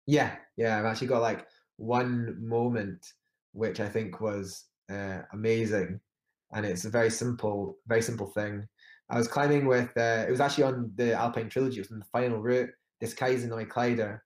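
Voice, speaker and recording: A man's voice: lowish voice, fairly even intonation, moderate pace. Man, interview guest, rambling storyteller, roomy echo. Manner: rambling with many restarts and fillers. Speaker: climber guest.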